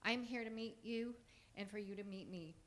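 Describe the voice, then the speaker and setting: A middle-aged woman, a teacher giving an earnest prepared statement at a public forum. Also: medium pitch. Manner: earnest, measured, reading a speech.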